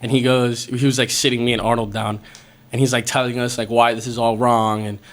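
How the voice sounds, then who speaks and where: A young man on a podcast spins a story for his friends, loose and loud with swearing. His voice sits at an everyday middle pitch. He reenacts the moments as he tells them. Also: a little fast. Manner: animated, profane, laughing storyteller. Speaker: podcast host. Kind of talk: casual storytelling among friends. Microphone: podcast studio mic.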